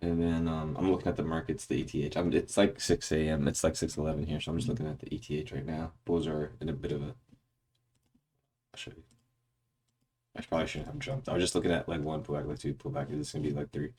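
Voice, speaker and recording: A man's voice: extremely low pitch, flat delivery, fast, dark tone, husky. A man casually talking through a trading chart breakdown early in the morning, rambling and correcting himself, with occasional hiccups. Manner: rambling, self-correcting, goes off on tangents.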